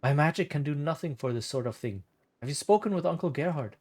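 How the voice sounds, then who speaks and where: A man voicing a gentle male gnome adventurer in a game, speaking quietly and tenderly. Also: fairly high pitch, expressive, quick pace.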